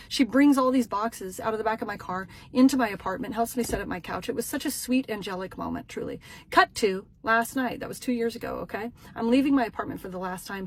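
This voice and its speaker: A young adult woman telling a comedic story to camera, dramatic and self-mocking, with punchy short sentences that swing between loud bursts and hushed asides. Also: fairly high pitch, slightly rough.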